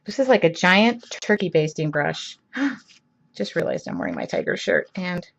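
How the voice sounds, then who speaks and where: A woman's voice: on the low side, animated, normal speed, gravelly, muffled recording. A woman hosting a casual live-streamed art lesson, chatting to viewers, greeting them by name and talking to herself as she paints. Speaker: art class host. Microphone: computer mic on a live stream.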